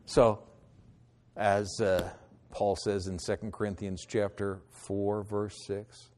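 A middle-aged man preaching a sermon, moving between loud declarations and hushed, pleading lines. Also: on the low side, level tone, takes it slowly. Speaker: pastor.

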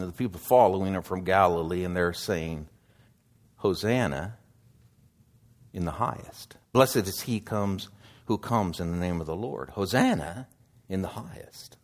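A man preaching a sermon, slow and deliberate, swinging between loud emphasis and hushed asides. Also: deep voice.

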